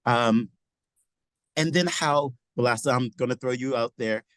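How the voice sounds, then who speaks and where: A man's voice: medium pitch, measured pace, fairly bright tone, no room sound, low-quality recording. Thoughtful man on a dry call. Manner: thoughtful, searching for words. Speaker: teacher participant. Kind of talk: reflective discussion remarks.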